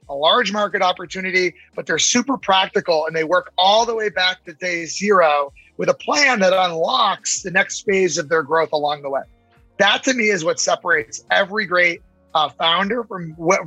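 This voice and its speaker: A man being interviewed as an investor, talking quickly and animatedly, often acting out what others might say. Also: sits high, breathy edge, no echo, soft background music, low-quality recording. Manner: fast, animated, acts out quoted voices. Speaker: investor and podcast guest. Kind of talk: casual interview talk.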